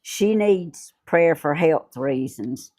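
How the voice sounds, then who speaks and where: Host, middle-aged, low voice, slow homey chat. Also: female voice, expressive, warm tone. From Georgia. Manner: chatty, laughs often. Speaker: YouTube host. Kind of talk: casual chat.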